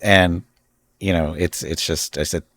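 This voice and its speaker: A man's voice: low-pitched, fairly even intonation, unhurried, fairly bright tone. A man hosting a casual live stream from home, rambling and chatting with frequent laughs. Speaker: streamer host.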